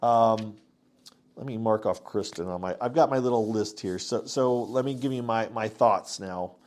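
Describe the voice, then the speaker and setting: A man's voice: on the low side, normal speed, darkish tone. A middle-aged man casually recapping a reality TV episode, rambling with restarts and acting out what people said. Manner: rambling, many restarts and "um"s, acts out quotes.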